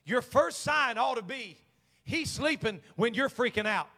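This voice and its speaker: A man pastor preaching a sermon, swinging from quiet talk to shouted calls to the congregation. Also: very high voice, animated, a little slow, long reverb tail. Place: church sanctuary.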